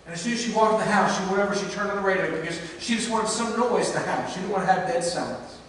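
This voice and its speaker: A man preaching a sermon, telling a story in an earnest way, dropping to a hush and then rising to emphasis. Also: high voice, rapid-fire, a little hiss or hum. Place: church sanctuary. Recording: echoey church hall, mic at a distance.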